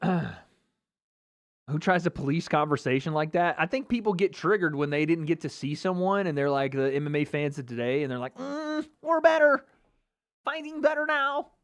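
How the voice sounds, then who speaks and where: A man's voice: on the high side, moderate pace. A man hosting a casual livestream watch party, reading chat comments aloud and joking and trash-talking with lots of laughter. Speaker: livestream host.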